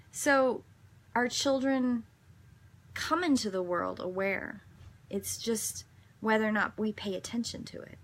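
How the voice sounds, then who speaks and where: A woman's voice: mid-range voice, measured pace, fairly bright tone. Woman, devotional host, earnest, reflective, meandering, mid-range voice. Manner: earnest, meandering storytelling with self-corrections. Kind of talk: daily devotional reading and reflective chat.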